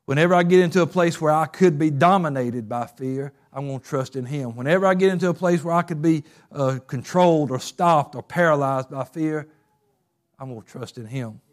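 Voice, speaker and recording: A male pastor preaching a sermon, talking casually and then building up to fervent, shouted stretches. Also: fairly high pitch, brisk.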